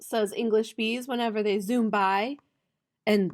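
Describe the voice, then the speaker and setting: Slow, playful woman reading to children. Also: medium pitch. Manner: slow, playful reading with bright, loud animal-sound imitations. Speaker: teacher. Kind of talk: picture book read-aloud for students.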